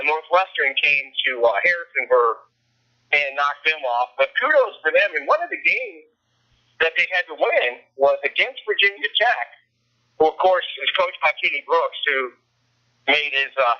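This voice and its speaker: A man's voice: on the high side, animated, normal speed. A man talking as a guest on a sports podcast, enthusiastic and stumbling over repeated words. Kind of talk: casual sports podcast chat. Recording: tinny phone line.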